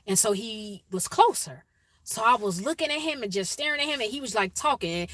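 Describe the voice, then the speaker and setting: Speaking a little high and briskly, this Chicago woman is an inspirational speaker recounting something personal and pressing her audience toward peace. Her delivery is lively and forceful, full of repeated questions, and the recording is dry.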